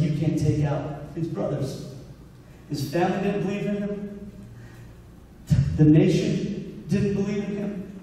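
A man's voice: sits high, warm tone, distant mic, slight background noise. A man pastor preaching a sermon in a conversational way, acting out his own prayers to God. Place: church hall. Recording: echoey hall recorded from afar.

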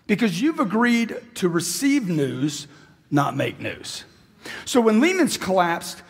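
A middle-aged man delivers a brash, punchy motivational seminar to a big crowd, his voice pitched high and a little husky. He mocks the people he quotes in a teasing tone. The sound carries a long reverb from the hall he speaks in. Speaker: sales speaker. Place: large hall with live audience. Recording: echoey hall recording.

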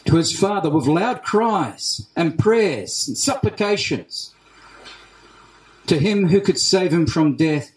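An Australian man preaching a sermon as pastor, emphatic, repeating key phrases with deliberate pauses. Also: a little high, animated. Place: church hall. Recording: roomy church hall echo.

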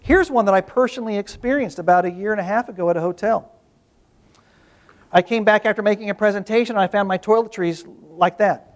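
A man's voice: high voice, fairly quick. A man speaking as a workshop presenter, telling stories to an audience in a conversational way with frequent restarts. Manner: conversational storytelling with restarts and asides.

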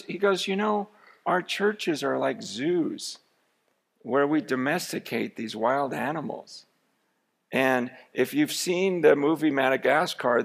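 A man preaching a sermon, telling a story with lively energy that rises to shouts. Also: medium pitch, vocal fry. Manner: storytelling, animated, rising to shouts. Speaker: pastor.

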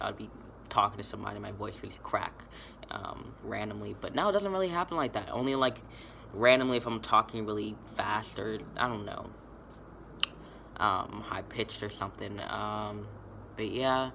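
A man's voice: lowish voice, vocal fry, sharp tone, slight background noise. A young man vlogging casually to camera, rambling and laid-back, full of fillers and swearing.

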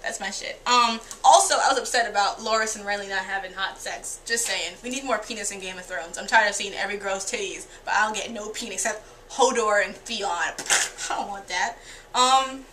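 A woman's voice: medium pitch, brisk, sharp tone, slight background noise. A woman giving a casual, candid and profane spoken review of TV episodes, often acting out the characters' lines. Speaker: TV show reviewer.

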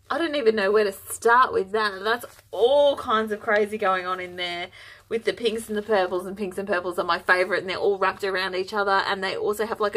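A woman's voice: mid-range voice, a bit bright. A woman vlogger chatting through an unboxing, bubbly and gushing, easily overexcited. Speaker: yarn vlogger. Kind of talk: casual unboxing chat.

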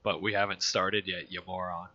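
A man's voice: deep voice, level tone, moderate pace, pushed and bright, no echo, highs cut off. A man chatting and joking while playing a game with a friend, laughing often. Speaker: gamer. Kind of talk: casual gameplay chat.

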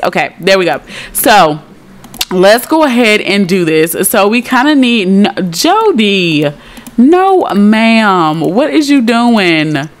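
A young woman giving casual, giggly commentary over a life-simulation game, chatting to her viewers. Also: mid-range voice. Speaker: Sims let's play creator.

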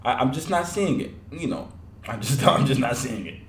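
A man hosting a music reaction video, talking casually, laughing a lot and bursting out in loud, profane disbelief. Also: mid-range voice, expressive, moderate pace, roomy sound. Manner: laughs often, loud incredulous outbursts, profane.

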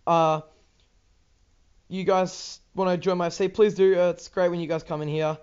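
A man's voice: sits high, little pitch movement, normal speed, darkish tone, smooth, highs cut off. A teenage boy with an Australian accent, rambling casually over gameplay with lots of ums, restarts and swearing. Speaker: gaming YouTuber.

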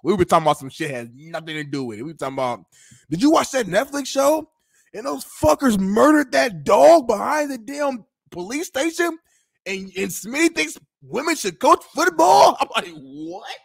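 A man's voice: very high voice, big pitch swings, normal speed, vocal fry, slightly rough, no echo, studio quality. A man co-hosting a talk show, trading laid-back, joking banter. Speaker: co-host. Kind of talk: casual chat.

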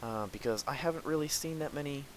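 A young man hosting a gameplay video, excitedly commenting on his own play, talking to his enemies and breaking into outbursts and laughs. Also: on the high side, fast talker, noisy background. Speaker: gaming video host.

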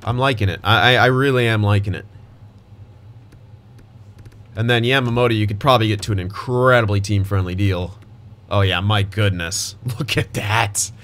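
A man's voice: lowish voice, steady tone, normal speed, long pauses, fairly bright tone. A young man giving casual gameplay commentary as a gaming YouTuber, thinking aloud and restarting his sentences, with hiccups and voice cracks.

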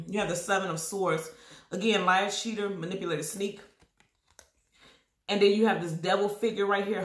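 A woman giving a casual tarot reading straight to her viewers, stressing her points by saying them again and again. She keeps coughing and clearing her throat as she talks. Her voice carries a roomy echo from the space around her. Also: fairly low pitch, a bit bright. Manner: repetitive, emphatic, addresses viewers directly. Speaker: tarot reader.

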